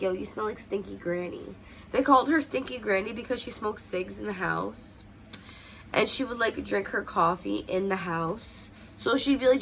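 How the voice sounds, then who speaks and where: Brief: young woman vlogger, tearful rambling storyteller, gravelly fry, faint hiss. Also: medium pitch, a bit bright. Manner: emotional, rambling with many fillers. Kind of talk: casual personal storytelling. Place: at home doing makeup.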